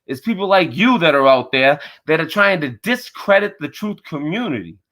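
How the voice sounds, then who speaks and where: A man with a high, bright voice rants heatedly on his own livestream. His pitch swings widely as he lashes out, profane and confrontational. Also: very animated, moderate pace, low-quality recording. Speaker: livestream channel host. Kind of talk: angry livestream rant.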